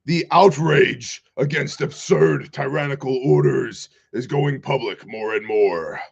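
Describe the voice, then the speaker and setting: A man's voice: mid-range voice, a little slow, creaky, slightly rough, dull audio. A man from Kansas hosting a casual livestream commentary show, mixing sarcastic asides with reading viewer comments. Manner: wry, sarcastic asides, reads chat comments aloud.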